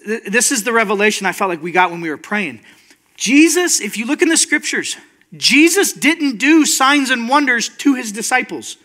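This male preacher's voice is very high-pitched with a sharp edge as he delivers a relaxed yet sincere sermon. He keeps engaging listeners with a questioning "right?"

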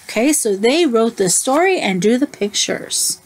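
A woman teacher reading a picture book aloud to children, slowly explaining and asking them questions. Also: a little high, animated.

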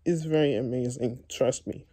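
A young man vlogging to his viewers, tearful and halting, repeating words and restarting often. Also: medium pitch, dark tone. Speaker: YouTuber. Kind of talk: emotional vlog talk to viewers.

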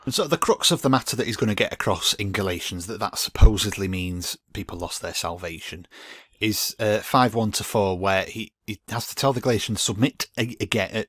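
In this dry recording, a man with a lowish, slightly bright voice speaks fairly quickly. He's giving a Christian video commentary, using scripture to rebut a preacher's teaching in an emphatic monologue full of restarts and repeated words.

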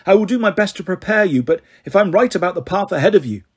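A man voicing a wise, patient male centaur teacher in an audiobook, speaking in a measured, firm and gently insistent way. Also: sits high, lively intonation, slightly rough, voice pushed up. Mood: grave, gentle. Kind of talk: audiobook character reading.

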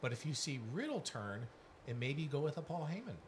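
A man hosting a wrestling podcast, relaxed and jokey, rambling with fillers. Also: on the high side, a little fast, slight background noise. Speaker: podcast host. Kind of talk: casual wrestling chat.

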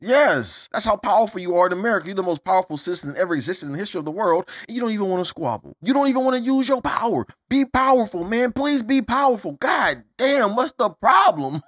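A man with a high voice gives an emphatic, preachy political rant, cursing freely as he presses his point. The sound is dry and close, with no room echo. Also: expressive, fast, fairly bright tone. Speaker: political commentator. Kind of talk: impassioned monologue.

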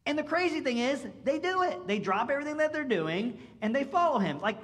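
A male pastor giving a sermon in a casual, conversational way, full of "like" and "right?", swinging between loud emphatic lines and quiet asides. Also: very high voice, sing-song, fairly quick.

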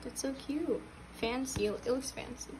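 A young woman vlogging casually at home, halting and restarting, gasping and squealing with excitement. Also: high voice, background noise. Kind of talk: casual unboxing chat. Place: home room.

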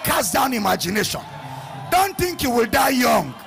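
A man preaching a sermon, leading the congregation in call-and-response, shouting in a sing-song preaching cadence. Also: very high voice, very animated, normal speed, creaky, faint music behind, some chatter behind. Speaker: pastor. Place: church hall with congregation.

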